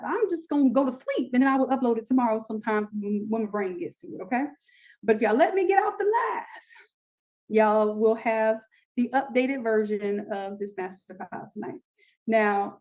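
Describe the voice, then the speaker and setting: A woman hosting a live online design class, pitching offers and teaching with lots of energy, repeating herself and talking straight to her viewers. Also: a little mellow, lo-fi sound.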